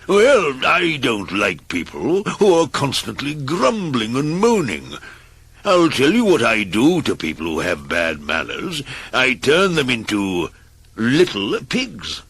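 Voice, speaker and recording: A man voicing a stern cartoon wizard who lectures loudly and threatens to punish bad manners. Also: mid-range voice, wildly swooping pitch, slow pace, slightly rough, dry recording, exaggerated voice.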